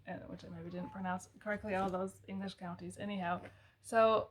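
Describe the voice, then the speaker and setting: A woman casually talking through a history book she recommends, thoughtful and musing, pausing with fillers and correcting herself. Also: mid-range voice, fairly even intonation, a little hiss or hum. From American South family. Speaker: book reviewer.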